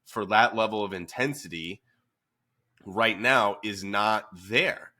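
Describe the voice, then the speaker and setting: A man, a fitness coach and podcast host, talking in a calm, even-keeled way with many fillers. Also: fairly low pitch, slow. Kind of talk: casual podcast chat.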